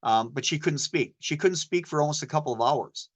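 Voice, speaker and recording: A man's voice: a little high, fairly quick. A man giving an informal medical lecture as a poison control specialist, telling anecdotes and dropping slang. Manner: casual, anecdotal, sprinkles in slang.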